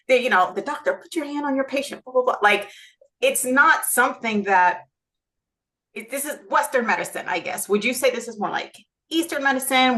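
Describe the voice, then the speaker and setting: A woman's voice: medium pitch, a bit bright. A woman hosting a podcast, asking long rambling questions and often searching for her words. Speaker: podcast host. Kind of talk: casual interview questions.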